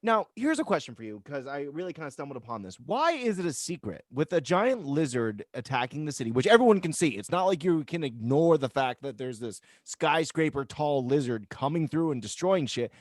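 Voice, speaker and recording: A man's voice: fairly high pitch, fairly quick, hardly any pauses, dry recording, clean studio sound. An American man co-hosting a podcast in casual chat, ranting with incredulous energy. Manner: animated, incredulous rants. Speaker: podcast co-host.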